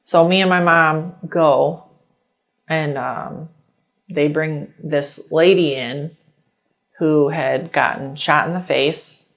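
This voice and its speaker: A woman's voice: low voice, slow, dull audio. Chatty woman telling her life story. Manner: chatty, many fillers, animated retelling. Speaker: interviewee. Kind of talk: casual personal testimony.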